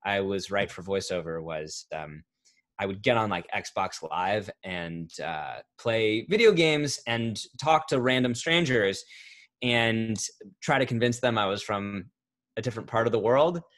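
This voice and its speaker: A man in his thirties talking casually as an interview guest, rambling and correcting himself, getting animated when he tells a story. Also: fairly low pitch, a little slow. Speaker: voice actor guest. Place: home recording setup, remote interview.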